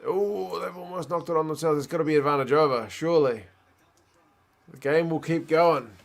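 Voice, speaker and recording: A man's voice: fairly high pitch, normal speed, creaky. A man hosting a casual live watch-along, chatting and reacting aloud to a rugby match. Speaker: host.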